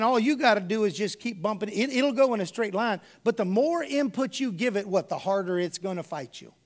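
High-voiced preacher spinning folksy stories. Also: male voice. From Texas. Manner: folksy storytelling, addresses the congregation as y'all. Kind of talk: sermon with personal stories.

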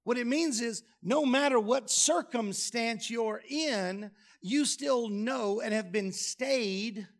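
A man preaching a sermon, lively and humorous, dropping low and soft on key phrases. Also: slow pace. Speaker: pastor. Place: church sanctuary.

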